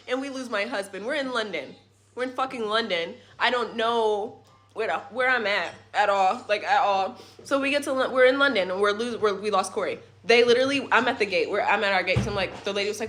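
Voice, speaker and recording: A young woman telling a rambling, animated story about her family's trip in a casual vlog at home, with swearing and side remarks. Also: medium pitch, a little fast, a little hiss or hum. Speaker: family vlogger. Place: at home in a rental apartment.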